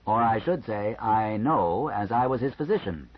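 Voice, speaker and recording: A man reading an audiobook, voicing a calm male doctor who explains things frankly and matter-of-factly. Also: fairly low pitch. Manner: measured, matter-of-fact explaining. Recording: slightly muffled lo-fi recording.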